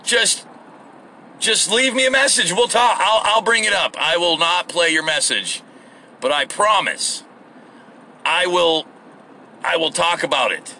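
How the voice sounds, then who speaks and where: A man's voice: high voice, animated, unhurried, pauses often, sharp tone, slight background noise. A man hosting a rambling solo podcast from his car on the way to work, profane and self-deprecating. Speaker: podcast host.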